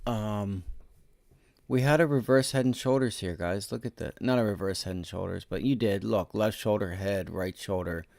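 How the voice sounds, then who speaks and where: Hosting a day-trading livestream, this man walks through charts at a moderate pace, dropping into irritated mumbles one moment and erupting in curses the next. He sounds gravelly, captured in studio quality with no room sound at all.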